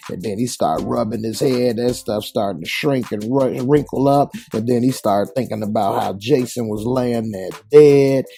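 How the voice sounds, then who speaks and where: A man's voice: mid-range voice, vocal fry, warm tone. A man casually recapping a TV episode, retelling scenes in slang and acting out the characters' lines. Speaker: TV show reviewer.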